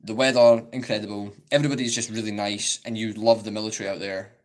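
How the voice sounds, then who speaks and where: A man's voice: on the low side, fairly even intonation, fast. A Scottish man in his twenties chatting casually on a live-stream Q&A, rambling and saying "like" a lot.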